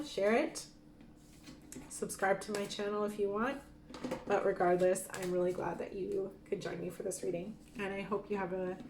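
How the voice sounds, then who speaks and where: A woman giving a gentle pick-a-card tarot reading who gets openly emotional and laughs softly. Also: mid-range voice, background noise. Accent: Michif-speaking Métis greeting and French sign-off. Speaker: tarot reader. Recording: echoey room with faint ambience.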